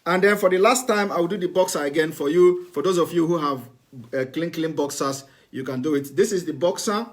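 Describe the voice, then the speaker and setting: A man's voice: on the high side, brisk. A man giving a repetitive, instructive demonstration to viewers in a live broadcast. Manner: repetitive, instructive, plain spoken.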